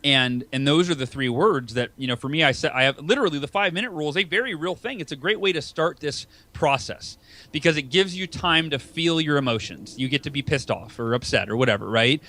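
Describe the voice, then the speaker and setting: A man in his thirties, an author and speaker, appears as a podcast guest and tells stories conversationally in a fairly high-pitched, brisk voice. He's lively, acts out his feelings in quoted voices, and often repeats words at the start of sentences.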